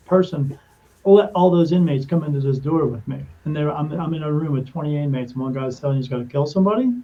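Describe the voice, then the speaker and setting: Man telling a story with a dull, muted sound. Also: a little high. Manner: animated, acts out quoted dialogue, frequent restarts. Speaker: podcast guest. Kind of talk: storytelling in casual conversation.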